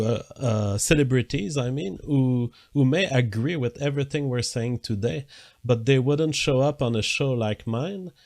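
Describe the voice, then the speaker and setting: Male live-stream talk host, mid-range pitch, measured and deliberate. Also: creaky. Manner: measured, deliberate, reads viewer comments aloud.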